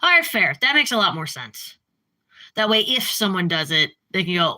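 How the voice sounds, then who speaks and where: A woman streamer chatting casually with her live chat, rambling and jumping up in pitch when she gets worked up. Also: sing-song, a little fast, bright, forceful tone. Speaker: livestreamer.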